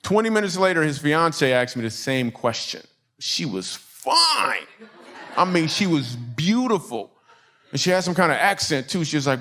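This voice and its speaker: A man's voice: a little high, big pitch swings, normal speed, pushed and bright. A man from Michigan doing a stand-up comedy set, telling a story and acting out the people in it. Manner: storytelling with acted-out quotes and audience laughs.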